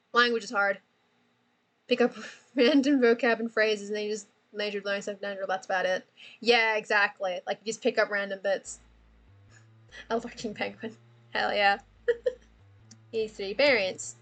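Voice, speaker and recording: An Australian woman livestreams a casual chat about worldbuilding, rambling, thinking out loud and laughing often. Her voice is medium-pitched, pushed and bright.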